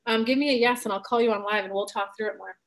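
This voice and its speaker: Candid, higher-voiced woman life coach. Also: fast. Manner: candid and blunt, swears casually; addresses viewers by name, earnest. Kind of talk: live-streamed coaching, answering viewer comments.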